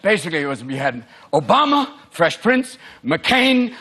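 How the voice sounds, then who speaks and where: A man from the United States doing a stand-up comedy set on stage, animated, shouting out impressions of politicians. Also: fairly high pitch, normal speed, husky. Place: large theatre before a live audience. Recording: loud crowd laughter and noise.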